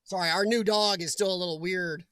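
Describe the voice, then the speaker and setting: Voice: medium pitch, steady tone, fairly quick, fairly bright tone, smooth, no echo, clean studio sound. A livestream host chatting casually from home, laughing often and greeting viewers by name.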